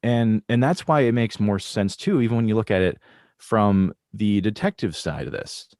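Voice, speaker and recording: A man's voice: on the low side, moderate pace, a little mellow, no echo, clean studio sound. A man co-hosting a casual podcast chat about a movie, thoughtful and full of restarts. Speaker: podcast co-host.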